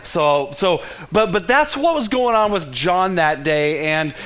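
Male pastor, high register, earnest sermon delivery that swings from loud to hushed. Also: lively intonation, measured pace. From Texas. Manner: earnest, stammering restarts, dramatic dips to near whisper.

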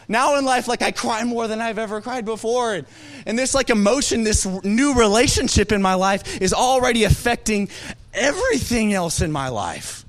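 A young man with a Texan accent preaches from the pulpit in a fairly high voice. He tells his story with lots of energy and slips into the voices of the people he quotes. He laughs at himself now and then as he talks. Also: lively intonation, moderate pace. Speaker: pastor. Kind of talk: storytelling sermon.

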